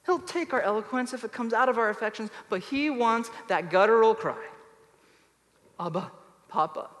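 A man preaching with a high, bright-pitched voice, leaning hard on key words and then dropping to near quiet. His voice rings out with a long echo, as if recorded in a large church hall. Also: expressive, a little fast. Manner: emphatic, swings from loud to soft. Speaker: pastor. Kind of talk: sermon.

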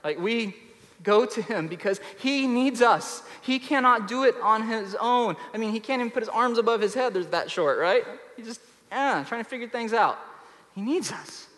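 A man preaching with a high, bright-pitched voice, leaning hard on key words and then dropping to near quiet. His voice rings out with a long echo, as if recorded in a large church hall. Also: normal speed. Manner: emphatic, swings from loud to soft. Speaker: pastor. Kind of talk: sermon.

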